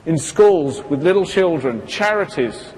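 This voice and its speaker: A man with a high voice gives a live seminar talk from a stage, taking his time over each point. He asks the audience questions and slips into quoted voices as he goes. The sound carries a long hall reverb with a faint hiss underneath. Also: lively intonation, a little slow, a little mellow. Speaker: seminar presenter.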